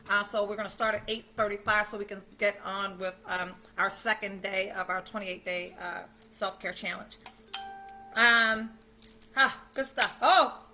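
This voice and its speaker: Lady doing a self care livestream at home, chatty and gushing, loud hellos to everyone, sharp bright voice. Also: medium pitch. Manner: effusive, greets viewers by name; chatty, with loose swearing. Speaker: self-care challenge host. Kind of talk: casual livestream chat. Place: at home, indoors.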